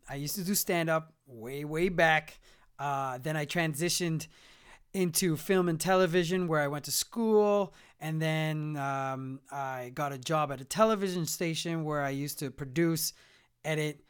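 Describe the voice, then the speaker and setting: A man with a fairly high, fairly bright, smooth voice hosts his own podcast solo into a studio mic. He chats in a rambling, self-mocking way, full of jokey asides.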